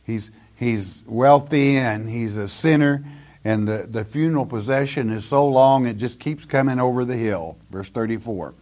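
An older man teaching a sermon verse by verse, reading scripture and then explaining it in plain, deliberate words. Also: medium pitch, darkish tone. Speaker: preacher.

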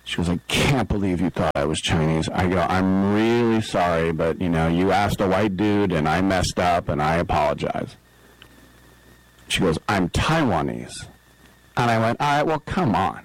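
Middle-aged male sports radio host, deep voice, dry studio sound, rambling anecdotes. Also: normal speed, dry recording, poor audio. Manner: rambling, self-deprecating, acts out quotes. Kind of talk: casual storytelling on radio. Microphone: studio microphone.

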